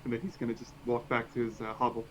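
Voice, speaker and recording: A man's voice: mid-range voice, completely flat delivery, quick pace, fairly bright tone. A man playing a tabletop game, eager and thinking aloud with lots of fillers. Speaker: player. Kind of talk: casual tabletop game chat. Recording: dull lo-fi mic, faint hiss.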